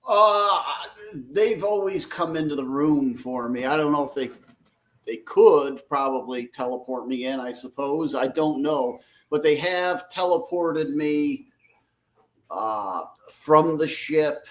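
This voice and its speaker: A man's voice: mid-range voice, slow pace. A man who is a retired police officer answering interview questions, hesitant and unsure.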